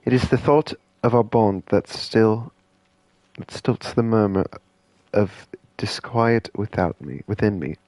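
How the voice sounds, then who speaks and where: A man doing a poor impression of an earnest wizard reading a farewell letter, with a halting, stumbling reading. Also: lowish voice, a little mellow, no room sound, lightly acted. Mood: solemn.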